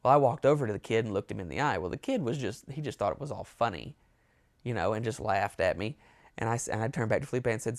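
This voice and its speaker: A man's voice: on the low side, lively intonation, quick pace, no echo, clean studio sound. A man telling a rambling, amused story in a casual storytime monologue. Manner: rambling, amused, with self-corrections. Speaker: storyteller, show host.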